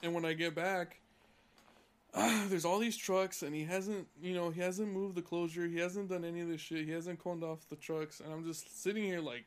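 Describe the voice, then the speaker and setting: A man's voice: high voice, fairly even intonation, moderate pace. Heated, swearing young man telling a work story. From California. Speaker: podcast co-host. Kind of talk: casual podcast chat.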